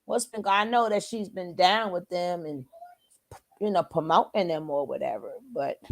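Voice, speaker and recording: A woman's voice: fairly low pitch, moderate pace, gravelly. A woman hosting a casual reaction commentary, chatty and scoffing, full of rhetorical questions. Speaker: commentary channel host.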